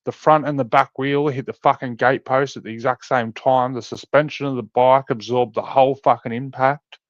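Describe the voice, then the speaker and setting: An Australian man tells rowdy stories in casual chat, swearing freely as he goes. His recording is dry, with no room sound at all, and a little dull and muffled at the top. His voice sits at an ordinary middle pitch. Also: moderate pace, no room sound. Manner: swearing-heavy, animated storytelling. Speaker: podcast co-host.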